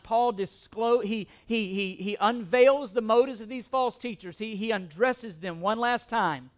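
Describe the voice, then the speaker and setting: A man with a strikingly high voice preaches a sermon, earnest and direct. He often restarts his phrases and throws questions to the listeners to answer. He sounds middle-aged, a pastor walking through a passage. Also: a bit bright.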